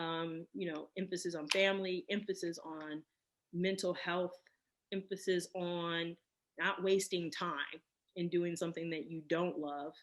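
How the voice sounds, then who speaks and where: Woman, 30s, interview guest; lowish voice, reflective and thoughtful. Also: steady tone, unhurried. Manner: reflective, many fillers and restarts. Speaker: podcast guest, cosmetic chemist. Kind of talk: casual interview.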